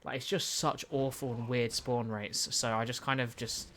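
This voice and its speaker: A man's voice: mid-range voice, fairly even intonation, moderate pace, fairly bright tone, a little hiss or hum. Rambling young British man streaming. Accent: British English. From United Kingdom. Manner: rambling, stumbling restarts, reads and answers chat. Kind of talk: casual live-stream chat while gaming.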